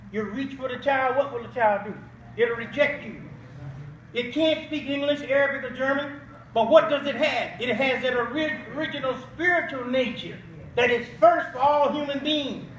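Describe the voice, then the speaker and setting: Older male guest preacher with a very high voice, emphatic and questioning, recorded from afar in an echoey hall. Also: normal speed, a bit bright, slight background noise. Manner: emphatic call-and-response with rhetorical questions. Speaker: guest speaker. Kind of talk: Islamic preaching at an awards banquet. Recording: echoey hall audio from a distant mic.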